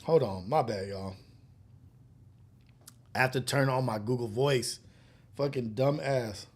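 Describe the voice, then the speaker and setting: A man's voice: medium pitch, a little slow, husky. A man hosting a live morning show, talking in a loose, profane, casual way and laughing often. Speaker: host. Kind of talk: casual live-stream chat.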